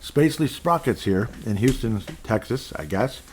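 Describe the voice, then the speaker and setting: A man's voice: lowish voice, animated, moderate pace, a little mellow, slight background noise. A man hosting a solo sports podcast, rambling casually with jokey, self-deprecating asides. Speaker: podcast host.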